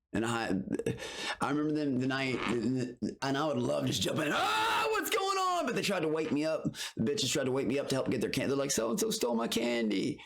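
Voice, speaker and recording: A man streaming his reactions to recaps, talking in a rambling, heated and profane way. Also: medium pitch. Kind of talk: casual reaction commentary.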